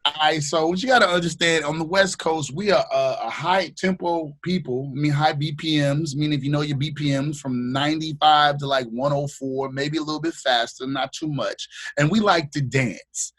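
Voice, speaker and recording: A man from the Bay Area, a radio host, chatting as a podcast guest in slangy, animated storytelling style, acting out what people said. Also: a little high, moderate pace, few pauses. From Bay Area, California. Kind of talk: casual interview chat.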